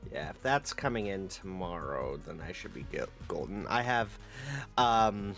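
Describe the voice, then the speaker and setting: A male livestreamer chatting casually with his viewers in a relaxed, rambling way, with many fillers. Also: low-pitched, unhurried, vocal fry, faint music behind.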